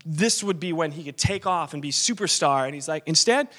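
A man with a fairly high voice preaches in a loose, conversational way. He questions himself aloud and restarts sentences as he works through his thoughts. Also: a little fast, fairly bright tone. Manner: informal, self-questioning, frequent restarts. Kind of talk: conversational sermon.

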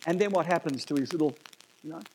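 A man preaching a sermon, animated and emphatic, with jokes and asides. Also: fairly high pitch, fast talker, slight background noise.

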